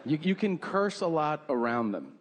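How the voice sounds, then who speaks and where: A man's voice: fairly high pitch, big pitch swings, moderate pace. A middle-aged man doing a stand-up comedy set, telling profane, exaggerated stories and acting out quotes, recorded live on stage with a handheld mic. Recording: live club recording with crowd noise.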